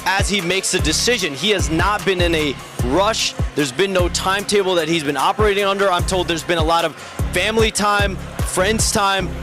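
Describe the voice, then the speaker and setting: A man delivering a measured sports news report in a steady, informed tone. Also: high voice, music in the background.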